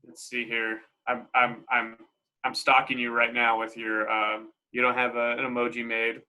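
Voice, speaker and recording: A man's voice: mid-range voice, monotone, moderate pace, sharp tone. A young man co-hosting a casual podcast chat, easygoing and upbeat. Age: young adult. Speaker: podcast co-host.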